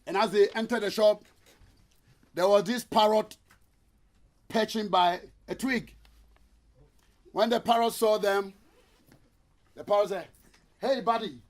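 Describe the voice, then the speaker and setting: Guy giving a motivational talk, fairly high voice, tells stories, lots of rhetorical questions. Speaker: motivational speaker. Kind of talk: motivational seminar talk with storytelling.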